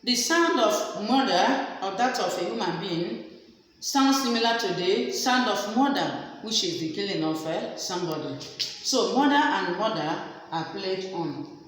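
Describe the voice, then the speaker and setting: A woman's voice: mid-range voice, animated. Woman teaching in a very echoey room. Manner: slow deliberate explaining, repeats examples. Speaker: literature teacher. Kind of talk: classroom lecture. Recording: very echoey room, faint background noise.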